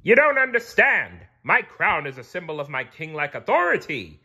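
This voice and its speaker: A man voicing a pompous, haughty old sea king in a storybook reading, booming and stern. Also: very animated, unhurried, sharp tone, breathy edge, heavily acted. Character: pompous vain sea king, male, older.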